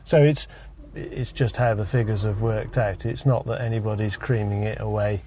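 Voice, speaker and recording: A man's voice: on the low side, steady tone, normal speed, warm tone, a little hiss or hum. A British man co-hosting a podcast, dry and laconic in his replies. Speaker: podcast co-host. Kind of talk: casual chat.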